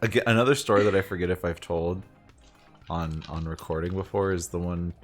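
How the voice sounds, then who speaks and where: A man's voice: deep voice, steady tone, fairly quick. A man from the United States co-hosting a let's play. He chats casually, laughs easily and tells meandering stories. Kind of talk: casual chat, storytelling.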